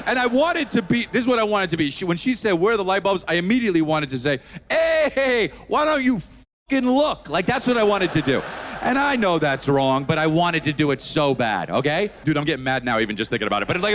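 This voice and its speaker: A man doing a stand-up comedy set, ranting loudly and swearing a lot. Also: a little high, slight background noise. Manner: loud, animated ranting with swearing. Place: comedy club stage.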